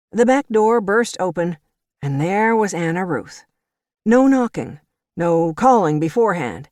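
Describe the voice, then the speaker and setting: Expressive woman narrating an audiobook. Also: mid-range voice, no room sound, studio quality. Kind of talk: scripted narration.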